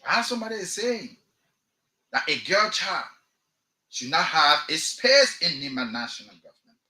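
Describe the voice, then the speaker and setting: A man's voice: a little high, big pitch swings, moderate pace, sharp tone, echoey room, rough recording. A man with a Liberian English accent hosting a radio talk show, delivering impassioned political commentary and firing off repeated rhetorical questions. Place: radio studio.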